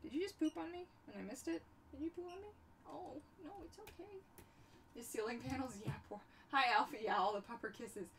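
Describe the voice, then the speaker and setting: Goofy chatty young woman on a craft livestream, bright lively voice, kinda off-mic. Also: high-pitched, fairly quick, creaky, far from the mic, a little hiss or hum. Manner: bubbly, goofy, chatty, talks to her pets. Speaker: livestream host. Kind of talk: casual chat while crafting on a livestream.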